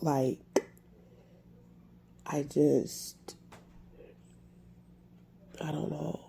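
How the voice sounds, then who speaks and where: A woman talking to camera in a personal confessional vlog, halting with lots of fillers and restarts, upset and irritated, a bit congested. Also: low-pitched, flat delivery, gravelly, warm tone, slight background noise. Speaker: vlogger.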